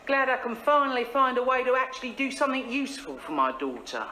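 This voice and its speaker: A woman's voice: high voice, very animated, fast, over loud music. An actress playing a brash, blunt, crude working-class mother and yoga teacher, speaking in a sarcastic sitcom manner. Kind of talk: sitcom acting.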